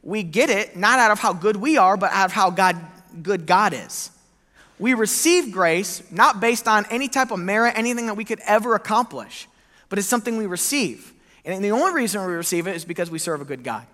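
A bright, high-pitched male pastor preaches with lively storytelling, slipping into the voices of the people he quotes. His sermon rings out with a long hall reverb around it. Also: brisk. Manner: animated storytelling, acting out quoted lines.

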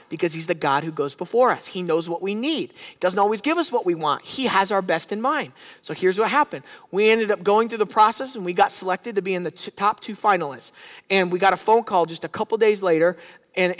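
Male pastor in his thirties, high-pitched, fervent sermon delivery, recorded with long church-hall reverb. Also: fairly bright tone. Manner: preaching with rising fervor, calls to the congregation.

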